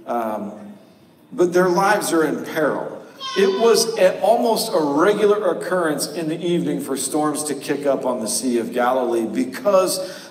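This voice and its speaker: A man's voice: fairly high pitch, distant mic. Man preaching in a cavernous echo. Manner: conversational, joking, animated preaching. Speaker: pastor. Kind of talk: sermon. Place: church sanctuary. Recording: cavernous echo from a live stream, voice from afar.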